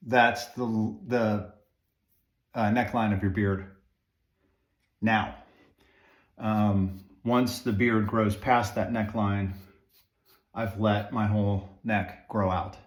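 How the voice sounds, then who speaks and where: In an echoey room, a beard-grooming vlogger talks viewers through trimming his own beard at home. His voice sits on the low side with a steady tone, and he speaks slowly with long pauses, rambling with fillers and asides.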